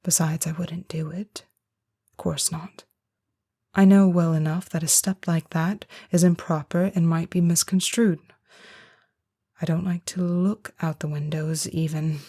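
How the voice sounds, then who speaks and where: A woman giving a whispered first-person audiobook narration, hushed and slow. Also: on the low side, steady tone.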